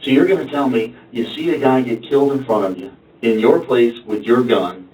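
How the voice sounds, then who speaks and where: A man's voice: mid-range voice, normal speed. A male police detective interrogating a suspect in a blunt, confrontational, lecturing manner. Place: interrogation room. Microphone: room camera from afar. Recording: muffled echoey room from far off.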